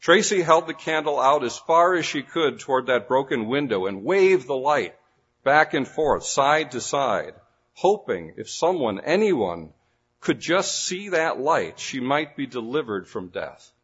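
A man preaching, telling a vivid story and building suspense with pauses. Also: medium pitch, sing-song, fairly bright tone, husky. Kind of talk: dramatic storytelling sermon illustration. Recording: dull lo-fi recording.

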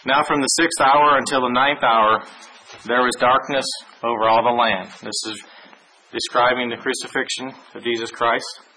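A man giving a Bible lesson, reading verses aloud in a measured way with small restarts. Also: medium pitch, fairly even intonation, bright, forceful tone, a little hiss or hum, poor audio. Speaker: Bible teacher. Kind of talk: sermon with scripture reading.

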